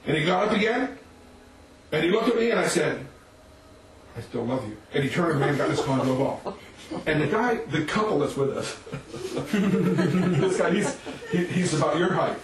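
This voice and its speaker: A man preaching, telling a story to his listeners in an animated way and chuckling between lines. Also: fairly high pitch, moderate pace, crowd noise. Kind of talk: sermon storytelling. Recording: echoey room, mic at a distance.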